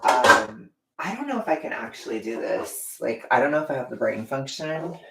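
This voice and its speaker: A woman's voice: rumbling low, very animated, normal speed, vocal fry, a bit bright, roomy sound, poor audio. A woman casually chatting on a livestream while cooking at home, rambling and self-deprecating. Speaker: livestreaming vlogger. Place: home kitchen.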